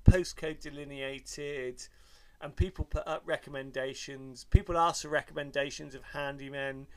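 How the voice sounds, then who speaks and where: A man's voice: medium pitch, steady tone, moderate pace, no room sound. A middle-aged man, a podcast co-host, telling stories in a wry, self-mocking way and swearing freely in casual chat.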